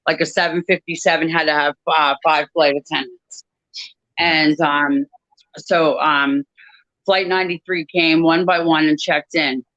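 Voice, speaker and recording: A woman guest in an interview, telling a personal story in a measured, reflective way with frequent pauses. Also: deep voice, steady tone, a bit bright, no echo, lo-fi sound. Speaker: author and guest.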